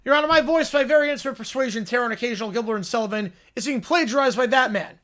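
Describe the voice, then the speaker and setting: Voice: medium pitch, fast, a bit bright, lightly acted. A reader playing a fussy, refined adult male radio psychiatrist who speaks formally and precisely. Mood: offended.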